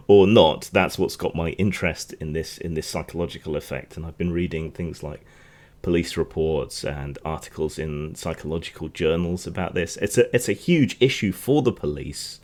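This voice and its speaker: Deep-voiced man, chatty commentary. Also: a little mellow. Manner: rambling, chatty, frequent restarts and asides. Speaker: podcast host. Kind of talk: casual news commentary.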